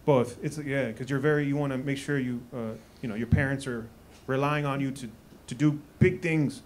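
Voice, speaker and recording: A male stand-up comedian from Maryland doing loud, laughing crowd work and teasing audience members. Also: medium pitch, fairly even intonation, moderate pace. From Maryland, USA. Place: comedy club stage. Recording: noisy live club recording.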